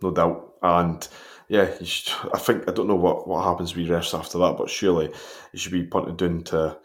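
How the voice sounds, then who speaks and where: A Scottish man co-hosting a podcast, talking through football incidents in a measured way. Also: low voice, level tone. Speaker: podcast co-host. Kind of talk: casual football chat.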